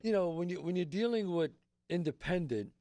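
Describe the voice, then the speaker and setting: A man's voice: lively intonation, fairly quick, warm tone, dry recording. An older man, a guest actor, telling stories animatedly and acting out the people in them. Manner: acts out the people in his stories, voice jumping high. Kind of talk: animated storytelling.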